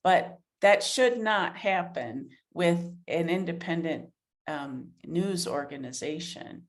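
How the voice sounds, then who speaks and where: A woman's voice: on the low side, animated, takes it slowly. A middle-aged woman journalist answering interview questions earnestly, thinking aloud with fillers and restarts. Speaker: author and investigative journalist, guest.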